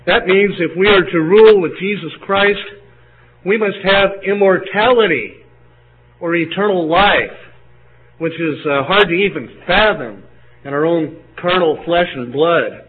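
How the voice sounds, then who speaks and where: An older man delivering a sermon in a somewhat high voice, pausing often with uh and restarting his phrases. The recording is narrow and phone-like, with a faint hiss underneath. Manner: halting, many uh fillers and restarts. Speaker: preacher.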